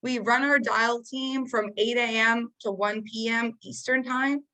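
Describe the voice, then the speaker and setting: A woman's voice: a little high, steady tone, unhurried, pushed and bright, low-quality recording. A woman coaching sales agents on a training call, talking casually and encouragingly, with frequent fillers. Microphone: video call.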